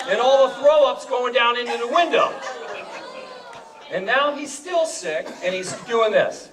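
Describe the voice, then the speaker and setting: Man, party speech, excited storyteller, slightly high, roomy distant sound. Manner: animated, repeats words, laughs while telling. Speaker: party speaker telling a story about friends. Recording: echoey room from far off.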